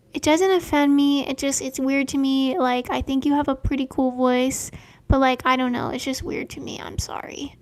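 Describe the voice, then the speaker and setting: A young woman hosting a casual live stream, reading out viewers' names and talking gently and affirmingly about dreams. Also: sits high, fairly even intonation, no echo. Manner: slow, gentle, spiritual and affirming.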